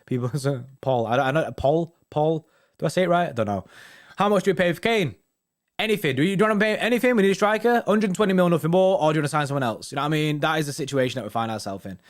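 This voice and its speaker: Slangy young man rambling casually. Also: on the high side. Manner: slangy and rambling, repeating "innit" and "you know what I mean". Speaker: host of a football fan live stream. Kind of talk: casual live-stream chat, reading viewer comments.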